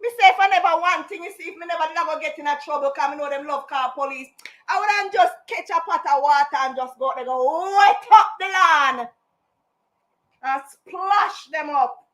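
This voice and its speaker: Woman, high voice, live-stream storytelling, indignant, emphatic, patois. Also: moderate pace, fairly bright tone. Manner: slips into patois.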